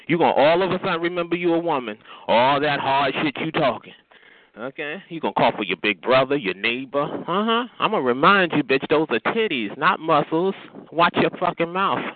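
A man, ranting at someone on a phone chat line, cursing, taunting and repeatedly asking "okay?". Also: no room sound. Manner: pitch jumps up sharply when yelling. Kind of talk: heated phone rant. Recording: tinny phone line with hiss.

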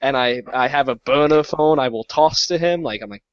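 A man's voice: mid-range voice, normal speed, no room sound. A man player in an online tabletop game, explaining his move hesitantly, with many fillers. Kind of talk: casual chat over an online call. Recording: dull, dry online call audio.

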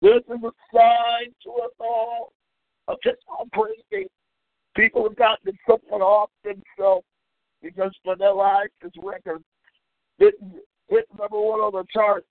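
A man's voice: high voice, flat delivery, a little slow, no echo. A man hosting a call-in radio show, delivering an angry, profane, mocking rant. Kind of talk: ranting call-in radio monologue. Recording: tinny phone-like audio.

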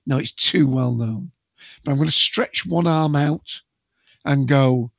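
A man hosting a casual movie quiz, chatty and jokey, with bursts of loud quote acting. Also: medium pitch, a little slow, gravelly, no room sound. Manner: chatty, jokey, self-mocking, acts out movie quotes loudly. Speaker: quiz host. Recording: dull lo-fi dry home recording.

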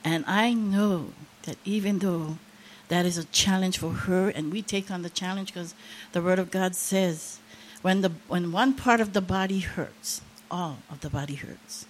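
A woman's voice: lowish voice, measured pace, a little hiss or hum. Impassioned older woman preaching. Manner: impassioned, emotional testimony with rising emphasis. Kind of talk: sermon.

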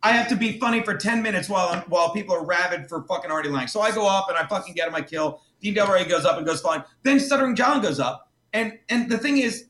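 A man's voice: high voice, fast, few pauses. A man telling a story as a comedian guest on a podcast. He swears a lot and acts out other people in quotes. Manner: profane, animated, mimics others in quotes. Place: podcast studio. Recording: roomy echo.

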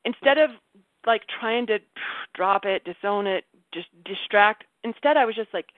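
A woman's voice: medium pitch, moderate pace, no echo. Chatty woman on a group call, keeps laughing and restarting, dry tinny phone sound. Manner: animated, self-interrupting, laughs often. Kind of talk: candid personal storytelling. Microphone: video call.

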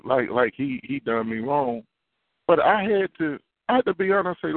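This prophet's voice is fairly high, sing-song, and fairly quick, with some vocal fry. He preaches earnestly and confessionally, repeating key phrases, and the recording sounds dry and tinny, as if over a phone line.

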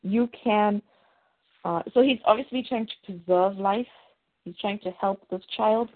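A woman's voice: mid-range voice, normal speed. A woman hosting a podcast, casually recapping a TV episode in a rambling way with plenty of fillers, heard over a tinny, phone-like line. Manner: rambling, full of fillers and restarts.

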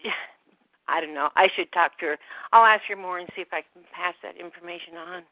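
A woman on a group phone call, slightly out of breath, talking in a halting way that trails off with many fillers. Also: on the low side, no echo. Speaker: call participant. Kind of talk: rambling phone call chat. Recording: dry phone-line audio.

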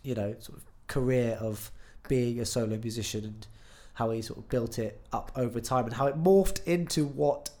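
A man, a musician guest on a podcast, chatting casually and teasing with quick jokes. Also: medium pitch, dark tone. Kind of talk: casual chat.

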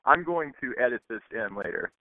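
A man speaks plainly and practically, explaining how a clip will be edited in. His pitch sits mid-range. The sound is dry and thin, like a phone line. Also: animated, brisk, no room sound. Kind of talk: casual chat.

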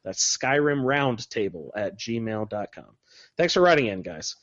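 A man with a mid-pitched voice hosts a casual podcast, steering the talk and repeating details for listeners. His voice sounds a little dull and is recorded dry, with no room echo. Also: big pitch swings, a little slow, fairly bright tone. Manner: friendly, wraps up segments, repeats details. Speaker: podcast host.

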